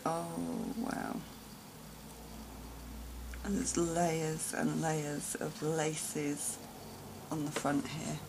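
Lady unboxing presents, low gravelly voice, slow and gushy, lots of hiss behind her. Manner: gushing, breathy exclamations and soft whispers of awe. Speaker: vlogger unboxing gifts. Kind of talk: casual show-and-tell unboxing.

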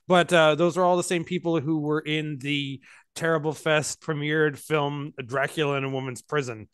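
A man co-hosting a livestream, chatting casually and sharing trivia about low-budget films. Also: steady tone, normal speed, fairly bright tone, clear, resonant tone, dry recording. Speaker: stream co-host. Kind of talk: casual chat about bad movies.

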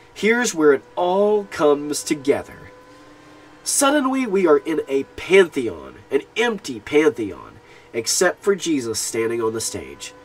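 A man with a husky, slightly breathy voice, pitched a little above most men's, walks through a film scene by scene. His delivery rises and falls in a lively way, and he sounds earnest and reflective as a film commentator. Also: low-quality recording. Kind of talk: spoken film analysis.

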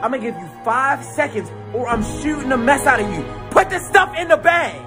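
A man's voice: very high-pitched, big pitch swings, moderate pace, music in the background, pitched above the performer's own voice. A man playing a threatening male street robber who barks orders. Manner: menacing, barking orders.

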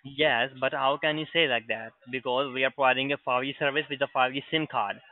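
A man's voice: mid-range voice, steady tone, brisk, dry recording. Tinny-phone man, scam caller, raised voice. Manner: angry, shouting obscene insults. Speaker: phone scammer.

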